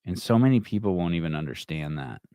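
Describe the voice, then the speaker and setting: Low-voiced male podcast host, dry close sound, loose and profane delivery. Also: animated, fast talker, mellow, clean tone, no echo. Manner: rambling, profane, wry. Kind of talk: casual livestream chat.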